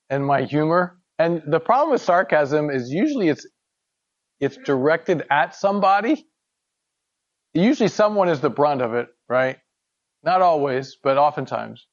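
A man's voice: a little high, lo-fi sound. A man leading a casual Bible study discussion, talking in a thoughtful, conversational way with frequent fillers and restarts.

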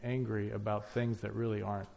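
A man's voice: on the low side, flat delivery, a little fast, vocal fry, darkish tone. A man preaching a sermon, emphatic, piling up lists and rhetorical questions.

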